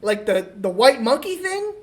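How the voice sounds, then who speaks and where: Profane, animated woman telling a story. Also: on the high side, normal speed. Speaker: podcast co-host. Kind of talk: casual comedic storytelling.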